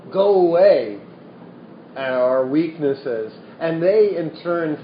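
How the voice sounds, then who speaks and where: A man with a slightly high voice gives a slow, unhurried dharma talk and tells a teaching story with dry, wry asides. The sound is dull and lo-fi, and it rings around an echoey room with faint noise underneath. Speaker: meditation teacher.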